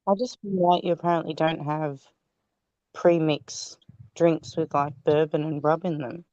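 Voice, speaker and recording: A woman's voice: low voice, steady tone, measured pace, mellow, no echo, dull audio. A woman with an Australian accent chatting casually as a guest, teasing and talkative. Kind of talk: casual chat.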